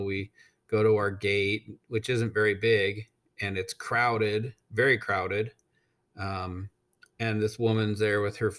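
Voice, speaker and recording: An American man rambles through a travel story, swearing freely and dropping plenty of ums in a blunt, casual way. His pitch is fairly low, with a fairly bright tone.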